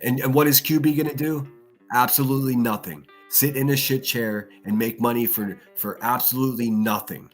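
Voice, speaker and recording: A man hosting a livestream delivers angry, heated commentary, swearing a lot and repeating phrases. His medium-pitched voice holds a steady tone at normal speed, with faint music in the background.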